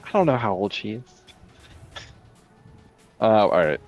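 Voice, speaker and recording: Male player, low voice, very animated pitch, dull mic. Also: unhurried, soft background music. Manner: laughs often, speaks in character at times. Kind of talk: playing a tabletop game.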